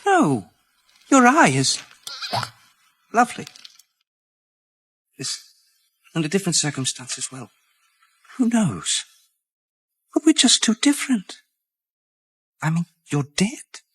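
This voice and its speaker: A woman voicing a man who gently lets his undead partner down, speaking low and apologetically. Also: big pitch swings, slow pace, long pauses, breathy edge, full character voice. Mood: apologetic.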